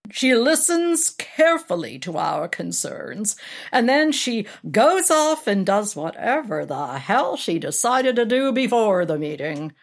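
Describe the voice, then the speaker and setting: A woman reading aloud voices a big middle-aged character actor, blunt and matter-of-fact, with crude jokes. Her delivery is slow and animated. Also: a little high, pitched above the performer's own voice, heavily acted.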